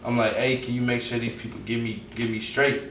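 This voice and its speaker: A young man with a Southern US accent, telling a story casually as an interview guest, animated and full of slang, acting out the quotes. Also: medium pitch, brisk, distant mic. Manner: animated, acts out quotes, heavy slang and profanity. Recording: roomy echo, off-mic, faint background noise.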